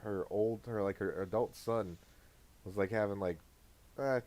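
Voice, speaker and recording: A man's voice: fairly low pitch, measured pace, a little mellow. A man in his thirties co-hosting a podcast, rambling through a story with lots of filler words and swearing. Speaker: podcast co-host. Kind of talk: casual podcast chat.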